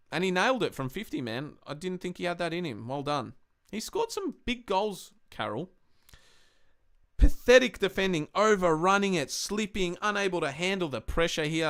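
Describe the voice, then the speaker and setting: Young Aussie guy, fired-up football fan host, sweary, smooth clear voice pitched a bit high. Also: a bit bright. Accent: Australian. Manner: heated, sweary, ranting fan commentary. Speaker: podcast host. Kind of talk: casual live-stream match review.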